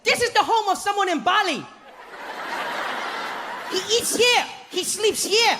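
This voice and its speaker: A man's voice: very high voice, expressive, unhurried, long reverb tail, crowd noise, background noise, pitched above the performer's own voice, heavily acted. A man putting on the voice of a far too cheerful village tour guide who talks in a bubbly singsong. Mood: overexcited.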